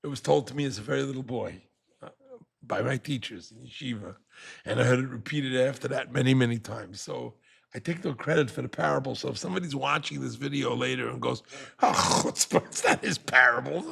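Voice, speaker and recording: In a mid-range, husky voice with vocal fry, a rabbi briskly recounts a parable during his sermon, playing out the characters with animation.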